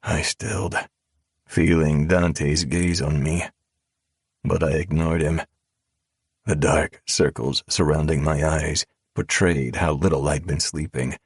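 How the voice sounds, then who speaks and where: A male narrator reads a first-person audiobook in a calm, measured drawl, his voice extremely deep and unhurried. The sound is husky, and the close studio recording is completely dry. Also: no room sound. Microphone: close studio mic.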